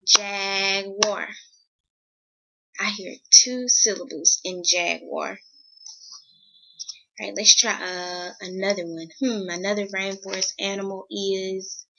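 A young woman walks young children through a phonics lesson, drawing out each letter sound in a patient, encouraging way. She speaks very slowly in a bright voice. The audio is dull and lo-fi. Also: medium pitch, creaky, slightly rough. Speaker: teacher.

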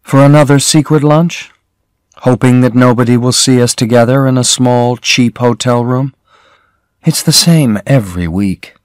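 A man's voice: normal speed, dry recording, clean studio sound, close to an everyday voice. A man voicing a worried young woman, raising his voice to plead with her lover. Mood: frustrated. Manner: raised pitch, earnest and emotional.

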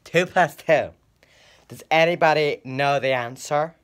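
A man voicing a bossy, flustered American schoolteacher who talks slow and drawn out. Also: on the high side, a bit bright. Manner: slow, drawn-out teacher talk.

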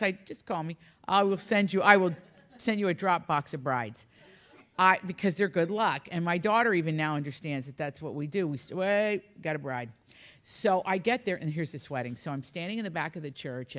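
A woman author from Appalachia, telling humorous, rambling anecdotes in a relaxed conversation. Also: sits low. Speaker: author guest. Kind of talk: storytelling in conversation.

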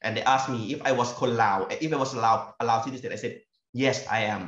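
A Thai-accented man lecturing on his fieldwork, halting and often repeating words as he looks for the right phrase. The recording is echoey and somewhat dull, as if captured in a lecture room. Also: mid-range voice, fairly even intonation, a bit bright. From northeastern Thailand. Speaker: university lecturer. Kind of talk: academic talk sharing fieldwork stories.

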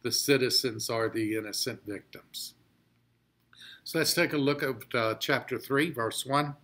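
A pastor teaching a Bible study, reading scripture slowly and explaining it with emphatic repetition. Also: male voice, on the high side, sharp tone.

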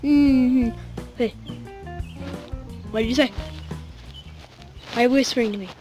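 A woman voicing a childish, grumpy male pig king in a fan cartoon, shouting and repeating himself with whiny sighs. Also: a little high, unhurried, soft background music, close to an everyday voice. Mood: coaxing.

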